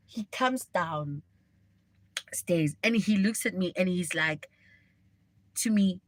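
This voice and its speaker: A woman's voice: medium pitch, expressive, unhurried, a bit bright, no room sound. Chatty woman telling a story. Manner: chatty, dramatic, addresses viewers directly. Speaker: livestream host. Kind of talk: casual storytime.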